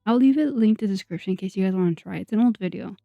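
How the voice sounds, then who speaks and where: A woman's voice: mid-range voice, racing, vocal fry, dry recording. A young woman YouTuber chatting casually over a video, rambling and self-deprecating, with lots of fillers and laughs. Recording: dull, dry sound under soft music.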